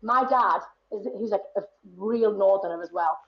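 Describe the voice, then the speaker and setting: A woman's voice: medium pitch, moderate pace, dull audio. A woman in her late thirties with a northeast English accent, chatting animatedly as a guest and laughing often. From northeast England. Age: 30s. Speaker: guest performer. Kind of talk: casual chat.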